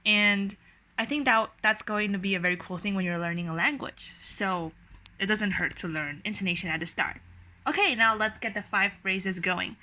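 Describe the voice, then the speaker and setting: Brief: young woman from Taiwan, teacher, crisp bright tone, patient tutorial delivery. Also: mid-range voice. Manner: patient, demonstrating tones with sung-out syllables. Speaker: language teacher. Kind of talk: explanatory language lesson.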